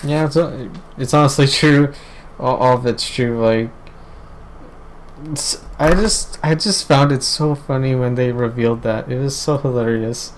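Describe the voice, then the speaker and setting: A young man hosts a laid-back podcast, rambling through his thoughts with filler words and the odd swear. His voice is mid-pitched, with faint hiss behind it. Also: steady tone, a little slow, low-quality recording. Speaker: podcast host. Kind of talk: casual podcast chat. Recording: faint background noise.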